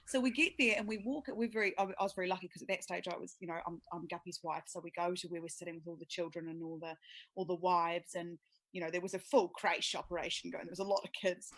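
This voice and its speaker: A woman, a sports broadcaster telling a lively story in casual podcast chat and acting out quotes. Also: on the low side, quick pace, no room sound. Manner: animated storytelling, acts out quotes.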